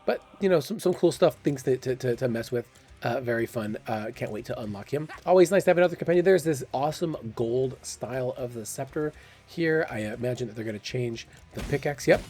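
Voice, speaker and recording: Hosting a gaming channel, a man gives a casual voice-over, curious and thinking aloud with exclamations. His voice is medium-pitched, brisk, and darkish in tone.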